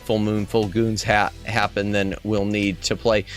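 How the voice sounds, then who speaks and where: A man streaming as a VTuber chats casually with his viewers, rambling and correcting himself, and occasionally jumps to high squeaky exclamations. His tone is level and unhurried, though his throat sounds strained, with faint music playing behind him.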